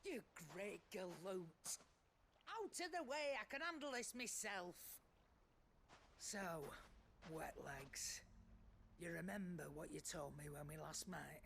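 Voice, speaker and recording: A woman's voice: on the low side, lively intonation, slow pace, creaky, background noise, full character voice. An actress playing a shrewd, vengeful older woman trader with a Scouse accent, speaking bluntly with dry humour. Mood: menacing. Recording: game audio with faint ambience.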